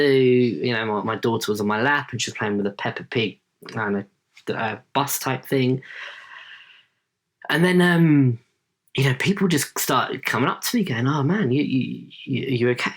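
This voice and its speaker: A man in his late thirties, a guest on a podcast, tells a story casually and chattily, often tagging his sentences with "right?". His voice is mid-range with a fairly bright tone.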